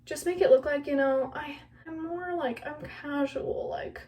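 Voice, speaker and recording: High-pitched teen girl vlogging, flustered and chatty, kinda far from the phone mic. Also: fairly even intonation, unhurried, darkish tone. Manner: chatty, flustered, self-mocking, lots of "like". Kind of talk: casual chat while cutting her own hair. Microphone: phone camera.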